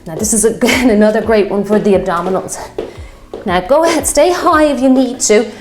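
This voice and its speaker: A woman's voice: on the high side, lively intonation, brisk, background noise. A woman, leading a fitness class with encouraging, upbeat cues and getting a little out of breath. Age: 50s. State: out of breath at times. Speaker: fitness instructor. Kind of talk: workout class instruction. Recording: echoey room with workout music.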